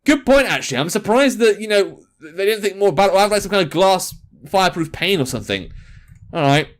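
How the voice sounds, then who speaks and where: A man's voice: high-pitched, sing-song, brisk. A young man reading a visual novel aloud and adding jokey, sarcastic asides. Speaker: gaming video host.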